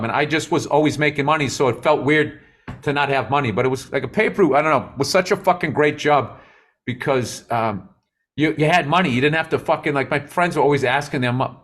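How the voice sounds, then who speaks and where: A man's voice: medium pitch, a bit bright. A middle-aged man co-hosting a podcast in casual chat, blunt and profane with a joking edge. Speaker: podcast co-host.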